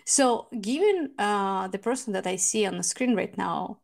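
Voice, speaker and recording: A middle-aged woman hosts a casual podcast interview with a mid-pitched, gravelly edge to her voice. She speaks haltingly, restarting her sentences as she searches for words. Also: animated. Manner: halting, searching for words, non-native phrasing. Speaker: podcast host.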